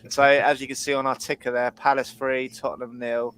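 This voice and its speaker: Bright-voiced, blunt bloke. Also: male voice, medium pitch, flat delivery, fairly quick, a little hiss or hum, rough recording. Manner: blunt, sweary, laughs easily. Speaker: podcast host. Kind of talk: casual chat.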